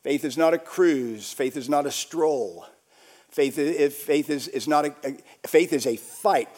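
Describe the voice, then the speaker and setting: A male pastor preaching a sermon, repeating phrases for emphasis and swinging between shouts and hushed whispers. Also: on the high side, unhurried.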